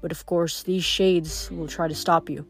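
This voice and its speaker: A woman reading aloud, voicing a calm, solemn male god of death in a storybook. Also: on the low side, a little slow, soft background music. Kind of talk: audiobook reading.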